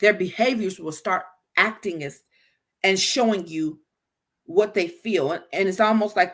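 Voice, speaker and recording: A woman in the host's seat, talking through relationship advice in a casual, unscripted way. Her voice sits at an ordinary middle pitch. She turns to her listeners directly and often repeats words as she restarts her thoughts. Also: unhurried, fairly bright tone. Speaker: podcast host.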